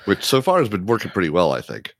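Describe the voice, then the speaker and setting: A man's voice: low-pitched, wildly swooping pitch, fast, dry recording, studio quality. A man playing a tabletop game, wry and teasing, slipping into character speech. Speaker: player. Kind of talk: casual tabletop play.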